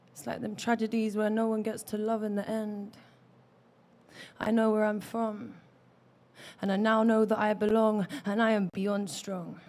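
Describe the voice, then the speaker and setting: Her voice sits a little high and sounds a little mellow as she delivers rhyming, rhythmic spoken word at an indoor open mic night. She is young, from London, speaks with a London accent, and uses a stage microphone.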